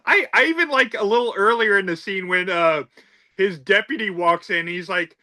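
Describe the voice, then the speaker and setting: A man's voice: sits high, moderate pace, sharp tone. A man hosting a casual podcast about a film, talking emphatically and tossing out rhetorical asides. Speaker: podcast host.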